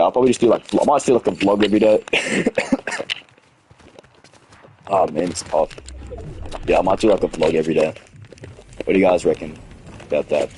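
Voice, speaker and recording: A man's voice: low voice, darkish tone, a little hiss or hum, poor audio. A young man in his late teens with an Australian accent, chatting on a stream, rambling and heated, with lots of restarts and swearing. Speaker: gaming streamer. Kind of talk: casual stream chat.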